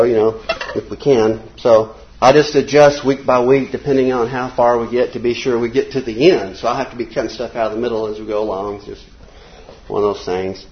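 An older man, teaching a casual Bible class in a small church classroom, folksy and conversational, reading quotes slowly. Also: mid-range voice, highs cut off.

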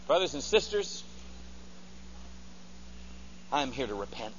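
A pastor preaching a sermon, theatrical and animated, leading the congregation to repeat lines, in a dull recording with long hall reverb. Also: male voice, high-pitched, moderate pace, slight background noise.

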